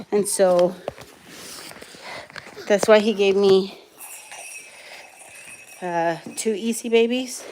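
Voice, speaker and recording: A woman's voice: medium pitch, darkish tone, a little hiss or hum. A young woman vlogging as a mother of quadruplets, chatting casually and switching to soothing baby talk. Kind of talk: casual vlog chat.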